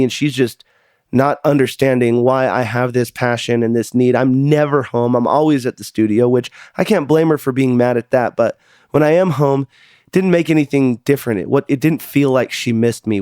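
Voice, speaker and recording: A man's voice: mid-range voice, darkish tone, clear, resonant tone, no room sound, clean studio sound. Earnest man telling his own story. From United States. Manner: earnest, confessional, repeats words when emotional. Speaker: podcast host. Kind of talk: personal storytelling monologue.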